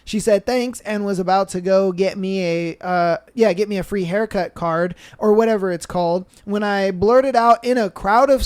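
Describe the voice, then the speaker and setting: The young male podcast host speaks at normal speed with a clean, high-pitched voice, fairly even intonation, and hardly any pauses. He chats loosely and reads listener stories in a slangy, laid-back style thick with "bro" and "you know."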